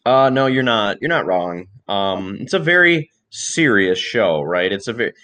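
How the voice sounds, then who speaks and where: A man's voice: fairly low pitch, moderate pace. A young man co-hosting a podcast, telling long rambling stories in casual chat with plenty of swearing. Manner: rambling, profane, animated storytelling. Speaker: podcast co-host.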